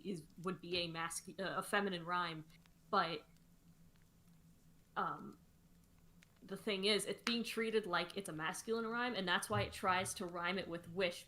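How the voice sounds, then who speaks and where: A woman with a bright, clear voice pitched a little low for a woman, chatting on a livestream. She explains things in a casual, thinking-aloud way, full of "um"s and restarts. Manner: explanatory, many fillers and restarts. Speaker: co-host songwriter.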